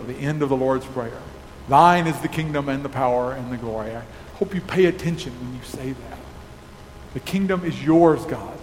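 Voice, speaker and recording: A man pastor giving a sermon in a church, preaching slowly and emphatically and closing in prayer. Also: fairly high pitch. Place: church sanctuary. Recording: echoey hall with faint noise.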